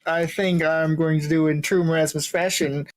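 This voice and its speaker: A middle-pitched player at a tabletop game, joking around while describing a character's moves. The delivery is casual and playful throughout. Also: little pitch movement, normal speed.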